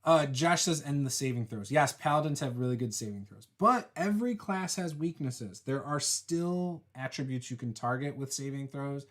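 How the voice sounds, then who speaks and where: Guy hosting a chill chat, middle-pitched voice, kinda rambly and teasing. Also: normal speed, hardly any pauses. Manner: relaxed, teasing, rambling with fillers. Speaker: host, game master. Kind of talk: casual chat, reading viewer comments.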